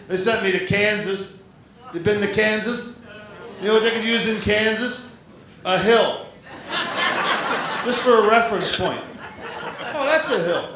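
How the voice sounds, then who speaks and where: A man doing a stand-up comedy set on a theater stage, chatty and jokey, slipping into quick voice impressions. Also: high voice, background noise. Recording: very echoey live club recording, loud crowd. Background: audience laughter.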